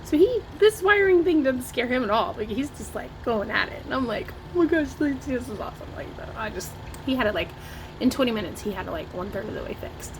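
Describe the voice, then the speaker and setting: A woman's voice: a little high, animated, fairly quick, noisy background. A woman from Ohio telling a story to camera in a chatty vlog, with lots of "like" and "oh my gosh". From Ohio, USA. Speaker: vlogger. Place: home, dogs nearby. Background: barking dogs.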